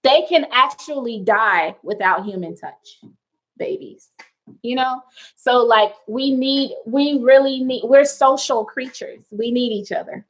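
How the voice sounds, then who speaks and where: A young woman chats loosely on a livestream from home, her voice sitting somewhat high. She laughs easily and talks to her viewers by name as she goes. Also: unhurried, low-quality recording. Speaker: wellness livestream host. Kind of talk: casual livestream chat. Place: at home indoors.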